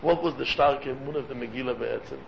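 A man giving an animated sermon-like talk as a religious teacher, jumping in pitch as he acts out stories and sprinkling in Hebrew and Yiddish terms, in a room with listeners. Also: fast talker, vocal fry. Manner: animated, acts out quoted dialogue, sudden pitch jumps. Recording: muffled recording with faint room noise.

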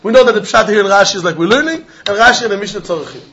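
A man teaching a Talmud class, arguing through the text in an animated way and throwing pointed questions at his students. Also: sits high, very fast. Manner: animated, argumentative, mixing Yiddish and Hebrew terms into English.

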